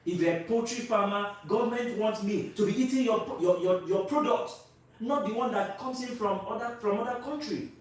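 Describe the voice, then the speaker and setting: Talking at normal speed, a Nigerian man with a fairly high voice gives his opinions on camera, pushing each point through repetition and rhetorical questions. He's picked up off-mic from a distance, his voice booming in a very echoey room.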